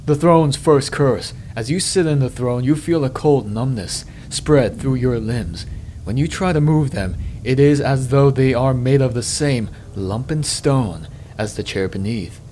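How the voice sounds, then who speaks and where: A man hosting a let's play, reading game text aloud in a measured, dramatic way and adding his own commentary. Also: mellow, a little hiss or hum. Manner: measured dramatic reading, dropping low and slow on ominous lines.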